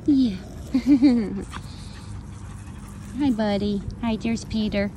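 Woman, dog breeder outdoors; high, unhurried, coaxing sing-song delivery; noisy outdoor recording. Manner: coaxing sing-song talk to dogs, frequent laughs. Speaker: dog breeder showing puppies. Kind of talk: casual outdoor video with pets. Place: outdoors in a yard on a breezy day.

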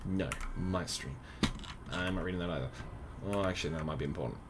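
A man's voice: sits low, fairly quick, background noise. A young man streaming a video game live, joking and chatting in a playful, laughing way. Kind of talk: live gameplay commentary.

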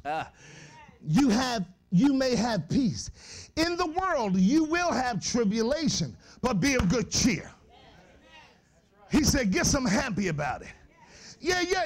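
Male preacher, high voice, animated church sermon. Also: unhurried. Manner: animated, shouting bursts, laughing asides, slangy. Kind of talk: lively sermon to youth.

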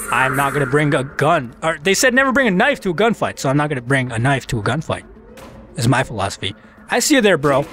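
A man's voice: fairly high pitch, a bit bright. A man giving casual, self-mocking commentary while playing a shooter game, talking back to the enemies on screen. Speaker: let's play commentator.

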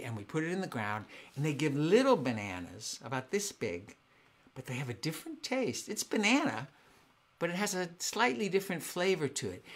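A man hosting a live-streamed family concert, chatting excitedly with viewers at home between songs. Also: on the high side. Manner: excitable, chatty, warm with kids. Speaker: family concert singer and host. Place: home in Southern California.

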